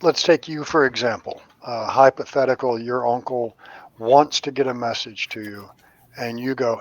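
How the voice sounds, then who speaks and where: A man's voice: medium pitch, moderate pace, low-quality recording. A middle-aged man, a medium, telling stories in casual chat. He swears freely and acts out the voices of the people in his stories. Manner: animated, profane storyteller acting out voices.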